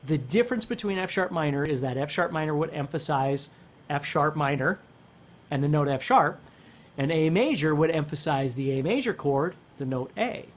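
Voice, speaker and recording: A man's voice: on the high side, animated, normal speed, a little hiss or hum. Man teaching guitar, checking in often. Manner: explanatory, checks in with "okay?" and "right?". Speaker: guitar instructor. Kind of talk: casual guitar lesson. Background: guitar playing.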